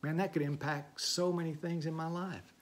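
A man's voice: a little high, steady tone, normal speed. A man preaching a sermon in a folksy, conversational way, with asides and stories. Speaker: pastor.

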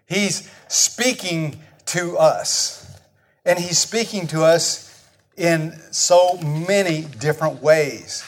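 Male pastor, high voice, slow unhurried delivery, chatty sermon. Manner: conversational, questioning the congregation, animated.

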